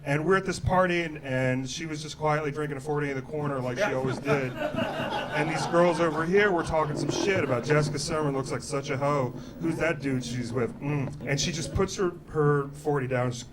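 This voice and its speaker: A man's voice: a little high, brisk, heavy background noise. A man hosting a comedy night and telling a story on stage, acting out the people in it. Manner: animated, acts out quotes. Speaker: host. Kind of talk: stand-up storytelling. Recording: live club, loud crowd.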